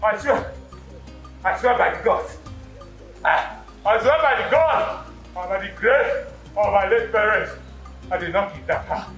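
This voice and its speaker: A desperate man pleading for mercy before a king. His voice sits very high and sounds bright. The sound is echoey, as if in a large room. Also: animated, unhurried, pauses often, faint music behind, full character voice. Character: desperate accused husband begging a king.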